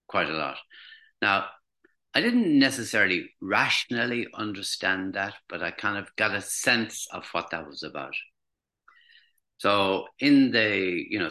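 A man in his sixties speaks in a very deep voice that still has a sharp, bright edge. He recalls his past in a personal storytelling style, pausing and restarting as he feels his way through each thought. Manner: reflective, hesitant, with restarts. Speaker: former teacher recounting recovery.

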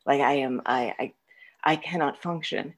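A woman's voice: rumbling low, normal speed. A middle-aged woman candidly telling her own story in casual talk, self-mocking, laughing often, with many fillers and restarts. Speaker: guest sharing her recovery story.

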